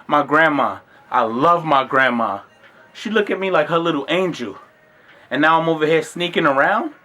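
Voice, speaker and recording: A man with a high speaking voice tells a comedic story to his vlog audience. He is loose and slangy and swears often. When he acts out scenes, he jumps into shouting. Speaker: vlogger.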